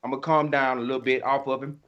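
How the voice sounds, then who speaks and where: A man's voice: medium pitch, little pitch movement, fast talker. A man co-hosting a sports podcast, ranting in a fired-up, emphatic, colloquial way. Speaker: podcast co-host. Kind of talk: heated sports podcast rant. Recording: slightly dull lo-fi audio.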